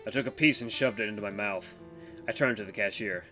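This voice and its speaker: A man's voice: on the low side, a little fast, bright, forceful tone, soft background music. A young man hosting a gaming channel, reading a visual novel aloud in a playful, jokey way. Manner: playful, jokey, laughs often.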